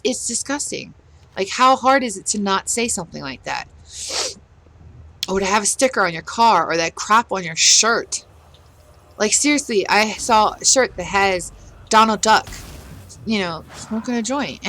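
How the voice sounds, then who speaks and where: Ranting, exasperated woman with a bright voice. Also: medium pitch, poor audio. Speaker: gaming vlogger. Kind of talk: casual rant while playing.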